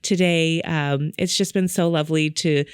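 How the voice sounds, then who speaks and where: Woman host doing an interview, smooth clean voice, lots of ums and mms, dry mic. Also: sits low, steady tone, normal speed, no room sound. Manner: affirming, many fillers and soft "mm" responses. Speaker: podcast host. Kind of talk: conversational interview hosting.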